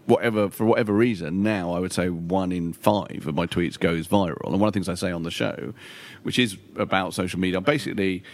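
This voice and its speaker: A man's voice: sits low, fairly quick, few pauses. A middle-aged man, a comedian and writer talking as an interview guest in a rambling, self-deprecating way and swearing casually. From London.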